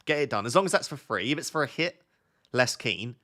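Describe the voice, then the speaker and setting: A young man with a southern English accent talks casually on a live stream, reading out viewers' messages and answering them. His voice sits in an ordinary middle register and his manner is relaxed and friendly, thinking aloud as he goes. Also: mid-range voice, a little fast. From Essex, England. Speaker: fantasy football streamer.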